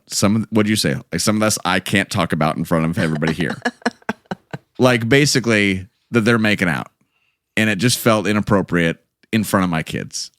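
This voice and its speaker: A man's voice: on the low side, fairly bright tone, dry recording, studio quality. A man hosting a podcast from home in a chatty, joking way with rambling asides. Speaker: podcast host. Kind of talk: casual chat.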